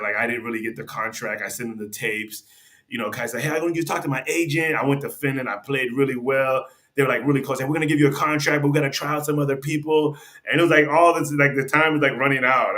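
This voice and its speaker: A man's voice: medium pitch, pushed and bright. A middle-aged man, a podcast guest, telling a casual story and acting out quoted dialogue in a raised voice.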